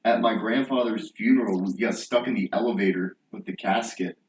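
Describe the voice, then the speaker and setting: A man's voice: fairly low pitch, brisk, darkish tone. A young man co-hosting a podcast, talking crudely and laughing through loose casual chat. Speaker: podcast co-host. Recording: echoey room, distant mic, faint hiss.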